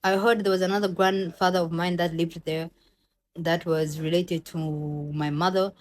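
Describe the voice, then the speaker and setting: A young woman from Somalia, telling a personal story in a casual, animated vlog and acting out the other people's voices. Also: on the low side, normal speed. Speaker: vlogger.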